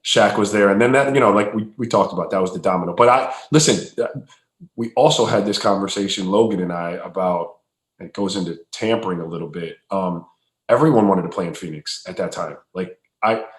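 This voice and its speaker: A former basketball player telling stories in a relaxed, casual way. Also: male voice, low-pitched, a little fast. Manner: relaxed, storytelling, many fillers. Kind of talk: casual storytelling. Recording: roomy echo.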